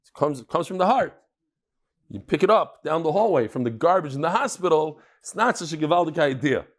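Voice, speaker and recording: Male Talmud teacher, slightly high, chatty storyteller with a live group. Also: animated, a little fast. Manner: joking, storytelling, chatty with laughs. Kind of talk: daf yomi lecture with jokes and stories.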